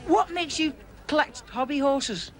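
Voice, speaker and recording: A man presenting live from a beach, chatting excitably with children about their swaps. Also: very high-pitched, a little slow. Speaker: outside broadcast presenter. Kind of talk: lively live interviews on a beach. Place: outdoors on a crowded beach.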